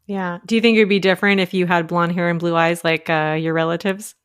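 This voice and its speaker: A woman's voice: on the low side, fairly even intonation, brisk, clean tone, no echo, studio quality. A woman hosting a podcast interview, asking curious follow-up questions and sharing her own stories. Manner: inquisitive, asks follow-up questions. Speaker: podcast host.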